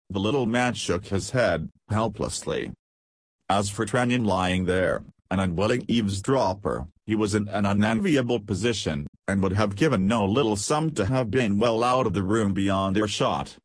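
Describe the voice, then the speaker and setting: A man calmly narrating a novel as an audiobook reader, close to the mic. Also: lowish voice, normal speed, dry recording.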